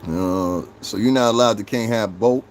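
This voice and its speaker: A man's voice: fairly low pitch, normal speed, slight background noise. Brash New York man ranting to chat. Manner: brash, profane, confrontational, talks straight to chat. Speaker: livestream host. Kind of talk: casual livestream rant.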